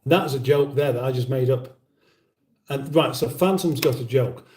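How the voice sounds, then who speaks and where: A man's voice: mid-range voice, normal speed, darkish tone, far from the mic. A man hosting a casual live chat and reading viewer comments aloud, rambling and self-interrupting with dry humour, recorded in an echoey room. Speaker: livestream host.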